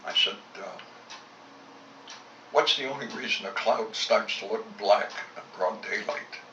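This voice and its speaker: On a distant, roomy, dull home tape with slight hiss or hum, an ex-fighter pilot in his later years shares war memories, salty and blunt, quoting both sides of old dialogues. His lowish voice is pushed and bright, kept at a measured pace.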